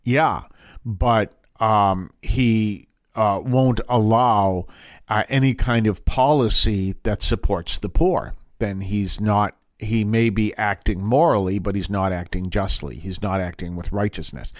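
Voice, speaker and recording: A man's voice: fairly low pitch, unhurried, no room sound, studio quality. A man from the Boston area with no Boston accent, teaching from the Bible in a casual, digressive way with jokey asides.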